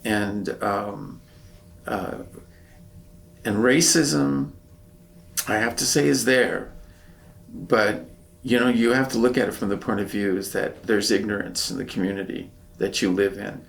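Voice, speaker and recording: A man's voice: fairly low pitch, a little slow, vocal fry, pauses often. An older man, a veteran, speaking earnestly and reflectively in an oral history interview.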